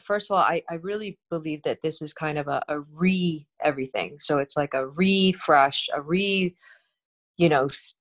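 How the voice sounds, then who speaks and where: A woman's voice: sits low, moderate pace. Chatty woman laughing between thoughts. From Korean heritage. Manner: animated, laughs often, trails off into restarts. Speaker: TV host and interview guest. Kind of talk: casual interview chat.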